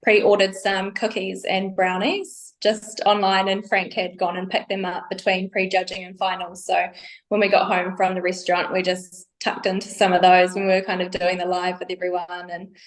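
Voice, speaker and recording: A woman's voice: on the low side, flat delivery, moderate pace. Hesitant woman guest searching for words. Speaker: podcast guest, bikini athlete. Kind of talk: casual podcast interview.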